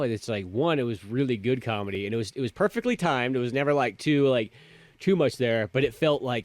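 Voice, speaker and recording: A man's voice: medium pitch, animated, quick pace, no echo. A man co-hosting a film review podcast, chatting casually and rambling with many fillers. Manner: rambling, full of filler words and quoted asides. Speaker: podcast co-host.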